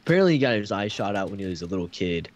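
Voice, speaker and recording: A man's voice: on the low side, big pitch swings, rapid-fire. A young man telling a rambling story in casual chat, swearing often and full of fillers. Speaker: podcast co-host.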